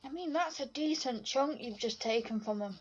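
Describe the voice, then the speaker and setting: A woman's voice: sits high, moderate pace, husky, muffled recording. A woman playing a tabletop game, chatting and teasing in a casual way. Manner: teasing and laughing. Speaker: player.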